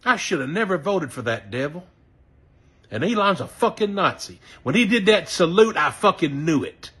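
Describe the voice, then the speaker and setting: Very animated and high-pitched, a Southern man with a bright, breathy voice rants angrily at a moderate pace about his views as a voter. He swears frequently, occasionally saying sorry for the language.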